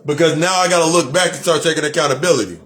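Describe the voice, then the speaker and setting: Blunt, preachy man speaking fairly high. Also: very fast, fairly bright tone. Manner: preachy, repetitive, blunt with profanity. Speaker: spiritual speaker. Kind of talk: motivational monologue.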